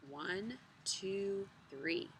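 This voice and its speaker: A woman reading aloud as a sly male psychiatrist, speaking slowly in a soft, steady hypnotist's voice. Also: a little hiss or hum, low-quality recording. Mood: hypnotic. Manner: slow, soft and low, steady.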